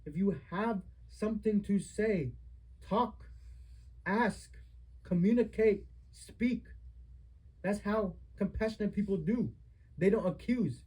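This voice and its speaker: Young guy with a husky, high-ish voice, fired up and firing question after question at his mom. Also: slow, long pauses, darkish tone, rough recording. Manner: accusing, repetitive rhetorical questions. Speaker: son confronting his mother. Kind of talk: heated family argument.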